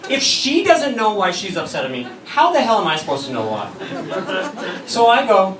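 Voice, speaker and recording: A man's voice: high-pitched, wildly swooping pitch, normal speed, a loud crowd. A man performing a stand-up comedy set, telling bawdy stories and acting out the quoted lines. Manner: bawdy, storytelling with acted-out quotes. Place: comedy club stage. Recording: echoey room, from far off, noisy.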